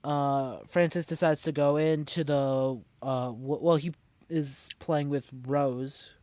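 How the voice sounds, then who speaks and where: A man's voice: on the high side, steady tone, slow pace, a little mellow. A man co-hosting a casual podcast, recapping an episode with many fillers and restarts. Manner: rambling, lots of fillers and restarts. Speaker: podcast co-host.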